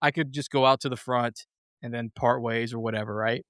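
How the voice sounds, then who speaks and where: A man's voice: medium pitch, steady tone, fairly quick, a bit bright, no room sound, studio quality. A man hosting a movie podcast, telling a story in casual chat with swearing and laughter. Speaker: podcast host.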